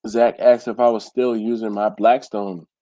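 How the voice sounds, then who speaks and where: Male livestream host, stuffy nose, warm mellow tone, dry close sound, easygoing chat. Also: on the low side, normal speed, no room sound, rough recording. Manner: relaxed, reads viewer comments aloud and answers. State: congested. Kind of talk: casual live chat. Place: home.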